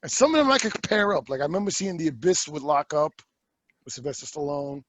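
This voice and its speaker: Animated man acting out movie scenes. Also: a little high, fast talker, no room sound. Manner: animated, acts out movie scenes in voices, swears casually. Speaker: podcast host. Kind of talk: casual movie podcast chat.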